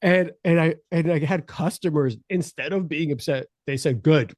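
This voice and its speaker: Animated man telling a story, dry mic. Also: on the high side, normal speed, no echo. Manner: animated, profane, laughs mid-story. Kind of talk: casual podcast storytelling.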